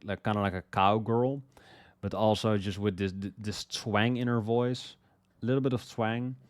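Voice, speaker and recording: A young man talks through his favorite songs in a loose, rambling way, restarting phrases and leaning on "like" and "you know." His voice sits fairly low and comes through clear and smooth. The recording is dry and close, with no room sound. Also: dry recording. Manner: rambling, repeats words, fillers like "like" and "you know". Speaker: music reviewer. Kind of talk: casual spoken song review.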